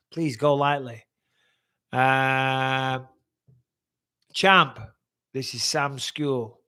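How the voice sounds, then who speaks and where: A man in his forties hosting a casual live-stream Q&A, reading out viewer questions and answering them bluntly, chatty and quick to swear. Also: a little high, steady tone, fairly bright tone. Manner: blunt, chatty, swears freely, repeats himself.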